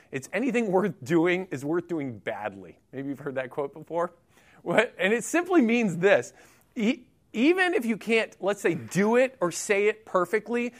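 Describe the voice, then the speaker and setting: Middle-aged male pastor, high voice, conversational sermon delivery with humor. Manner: conversational, animated, jokey asides.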